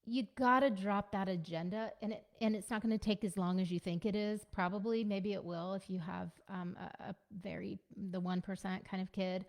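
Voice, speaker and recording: A woman giving a casual teaching talk to parents as a parenting coach, conversational and gently instructive, repeating her key points. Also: mid-range voice, flat delivery, normal speed, hardly any pauses. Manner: conversational, frequent fillers like "you know" and "like".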